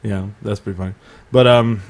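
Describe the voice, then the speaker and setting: A man's voice: lowish voice, steady tone, a little fast. A man co-hosting a live comedy show stream, chatting casually and joking, often restarting his sentences. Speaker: podcast co-host. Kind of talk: casual chat.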